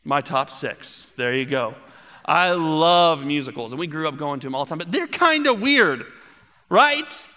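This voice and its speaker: A man in his thirties preaching a sermon, telling stories with playful asides and growing animated. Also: on the high side, a little slow, long reverb tail. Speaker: pastor.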